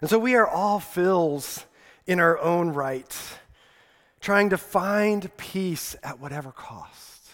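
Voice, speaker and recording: A man's voice: sits high, takes it slowly, fairly bright tone. A man preaching a sermon as pastor, talking conversationally and repeating key lines for emphasis. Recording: long reverb hall.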